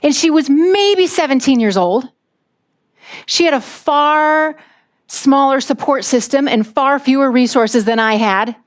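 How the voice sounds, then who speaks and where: Woman in her 40s telling a story to a crowd, animated, bit high voice. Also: a little slow. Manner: lively storyteller, acts out voices. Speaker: speaker. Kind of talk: storytelling talk.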